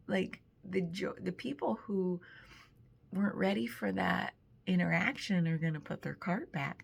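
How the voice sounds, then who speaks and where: A woman hosting a spiritual reflection channel, talking in a casual, thoughtful monologue that often breaks off mid-word and slips into soft whispered asides. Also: lowish voice, vocal fry, breathy edge.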